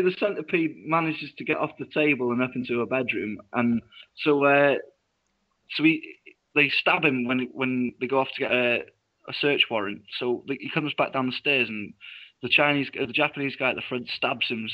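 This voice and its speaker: Man, young adult, co-host, casual chat, rambling halting storytelling, bright edgy tone. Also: mid-range voice, low-quality recording. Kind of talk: casual chat recapping a film.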